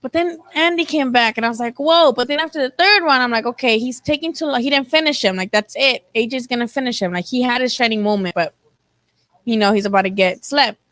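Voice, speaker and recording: A woman's voice: on the high side, quick pace, a bit bright, no echo, rough recording. A woman hosting a live boxing chat, talking casually and animatedly, swearing freely and acting out what people said. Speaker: boxing channel host.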